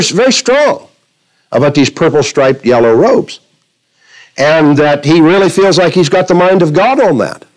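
A man preaching from the pulpit, his voice a touch higher than most men's. He tells stories, then slows to read scripture, stretching the key words for emphasis. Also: low-quality recording. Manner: preaching with illustrations, quoting scripture, varying pace. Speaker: pastor. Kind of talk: sermon.

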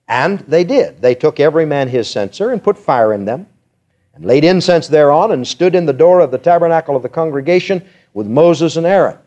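A male preacher reading scripture in old-fashioned wording and explaining it with folksy asides, his voice dropping low and then rising to emotional peaks. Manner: swings from hushed low tones to soaring emotional peaks. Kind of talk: sermon. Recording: dull lo-fi sermon recording.

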